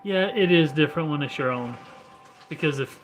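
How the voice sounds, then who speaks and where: A man's voice: fairly high pitch, moderate pace, soft background music, rough recording. A man chatting casually at home, easygoing with dry humor. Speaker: homesteading vlogger. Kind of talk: casual chat.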